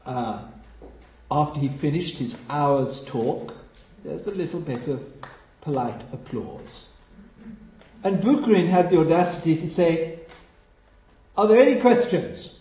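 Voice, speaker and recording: A man from England preaching a sermon, telling stories with lively emphasis and dropping to a quiet hush at solemn points. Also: fairly high pitch, unhurried, pauses often, echoey room, low-quality recording. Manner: animated storytelling, drops to a hush for solemn moments.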